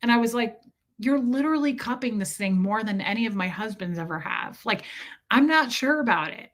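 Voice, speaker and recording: A woman's voice: on the high side, expressive, moderate pace, a bit bright. A woman live-streaming, telling a frank, profane, joking story in casual chat.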